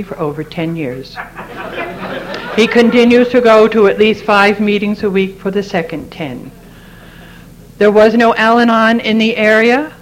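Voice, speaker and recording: A woman's voice: mid-range voice, a little hiss or hum, poor audio. Earnest middle-aged woman telling her story. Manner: earnest, heartfelt storytelling with repeated phrases. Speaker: speaker sharing her story at a recovery meeting. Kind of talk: personal testimony talk.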